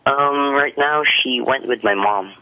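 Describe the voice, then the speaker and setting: A man's voice: mid-range voice, measured pace. A man from the Philippines calling an advice show, weary and matter-of-fact about his family's trouble. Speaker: caller. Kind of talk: phone call to an advice show. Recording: tinny phone line.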